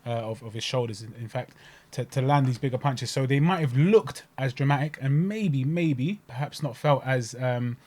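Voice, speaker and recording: A man's voice: mid-range voice, normal speed, hardly any pauses, darkish tone. Rambling English man, casual fight chat. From England. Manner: rambling, repeats words, says "innit". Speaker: podcast co-host.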